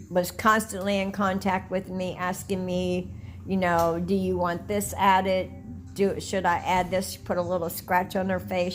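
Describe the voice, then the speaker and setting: Chatty older woman, low voice. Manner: chatty, rambling storyteller. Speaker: doll collector. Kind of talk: casual talk to camera.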